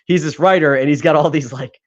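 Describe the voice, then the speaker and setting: Casual New podcast host, talkative, a bit higher-pitched, lo-fi recording. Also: male voice, a little fast. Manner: rambling, laughs often, swears casually. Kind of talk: casual chat. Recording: dull lo-fi sound.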